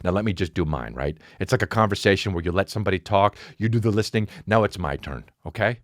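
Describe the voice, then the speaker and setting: Guy ranting a funny story on his podcast, swears a lot, pitch all over the place, dry close mic. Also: quick pace, no echo. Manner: exasperated, profane, animated ranting. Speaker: podcast host. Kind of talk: comedic storytelling rant.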